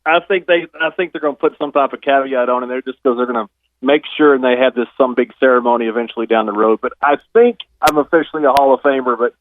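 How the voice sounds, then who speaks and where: A man's voice: medium pitch, quick pace, no echo. Man on a tinny phone line. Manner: relaxed storyteller, chuckles often. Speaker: guest, retired pro wrestler. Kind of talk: phone interview storytelling.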